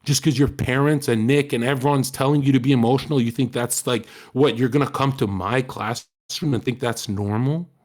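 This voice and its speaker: A man's voice: medium pitch, steady tone, normal speed, hardly any pauses. Profane man ranting aggressively on a stream. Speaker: livestreamer. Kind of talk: angry livestream rant.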